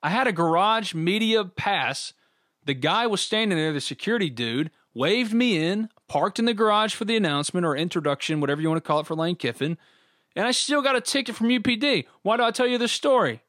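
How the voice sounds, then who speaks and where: A middle-aged man with a drawl, co-hosting a casual sports talk show. His voice sits a little high, and he tells animated stories and laughs often. The recording is close and dry, with no room sound. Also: a little fast, dry recording. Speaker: podcast co-host.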